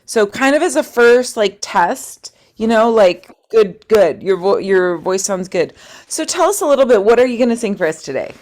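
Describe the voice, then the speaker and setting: A woman's voice: mid-range voice, expressive, moderate pace, darkish tone. A woman coaching a singing workshop online, chatty and encouraging. She sounds upbeat as she talks students through their voices. Heard over a video call.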